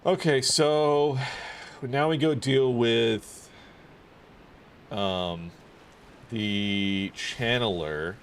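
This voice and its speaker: A man's voice: mid-range voice, drawn-out words, pauses often, a little hiss or hum. A man streaming a video game, chatting casually and rambling, with lots of fillers and swearing. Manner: rambling, profane, many fillers. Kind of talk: casual chat while gaming.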